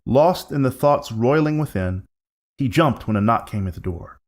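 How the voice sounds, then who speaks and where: A man narrating a scripted horror story in a measured, suspense-building way. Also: mid-range voice, animated, very noisy.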